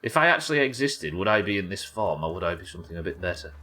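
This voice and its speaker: A man's voice: deep voice, big pitch swings, fast talker, pushed and bright. An English man casually commentating a live game stream, wry and sweary, bantering with his viewers as he plays. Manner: wry, sweary, chatting to viewers while playing.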